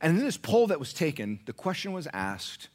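A middle-aged American man preaching a sermon in a church, emphatic and joking, dropping to a hush and then rising loud. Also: a little high, wildly swooping pitch, moderate pace. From United States. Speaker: pastor.

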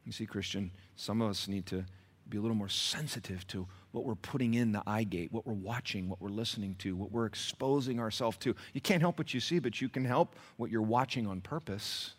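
A male pastor preaching a sermon, telling stories with lively swings from shouts to hushed whispers. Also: fairly low pitch, a little fast, breathy edge.

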